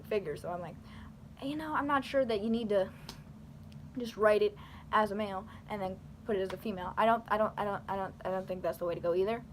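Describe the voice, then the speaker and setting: A woman's voice: mid-range voice, a little hiss or hum. A young woman rambling animatedly through casual commentary to her camera, full of fillers and restarts. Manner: talks with her hands. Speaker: YouTuber. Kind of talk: casual talking-head commentary.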